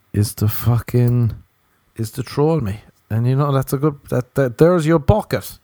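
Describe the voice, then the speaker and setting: A man's voice: fairly low pitch, mellow, no room sound. Profane Irish man, dry close sound. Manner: profane, rambling, tangent-hopping. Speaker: podcast host. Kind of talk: rambling comedic monologue.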